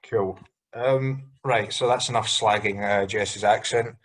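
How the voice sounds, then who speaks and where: A man with a low, husky voice leads a casual film-review chat on a podcast. He rambles, restarts his sentences and fills gaps with ums. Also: fairly even intonation, a little slow, fairly bright tone. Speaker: podcast host.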